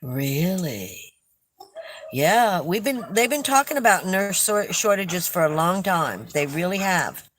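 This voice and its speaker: A woman's voice: on the low side, sing-song, takes it slowly, a little hiss or hum, rough recording. Chatty older woman livestreaming. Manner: chatty, storytelling, laughs often. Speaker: livestream host reading viewer comments. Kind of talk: casual livestream chat.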